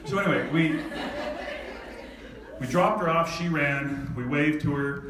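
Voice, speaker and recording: A man tells a personal story to an audience, animated and laughing often, his voice sitting a bit high for a man. He is picked up from well back in a very echoey hall. Faint noise sits behind him. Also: a little slow, distant mic. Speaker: speaker.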